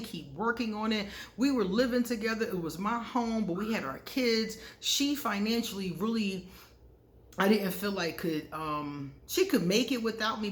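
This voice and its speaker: A woman hosting an astrology channel, telling personal stories in a candid, casual way and often laughing at herself. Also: mid-range voice. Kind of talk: casual storytelling to camera. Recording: echoey room.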